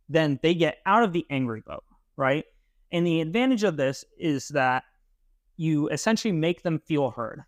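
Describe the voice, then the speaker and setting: A young man talking through a concept on a podcast, emphatic and casual, with the odd curse word. His voice runs slightly high, and the recording is dry and close. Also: no echo. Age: young adult. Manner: emphatic and explanatory, casual swearing. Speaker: podcast co-host. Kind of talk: casual chat.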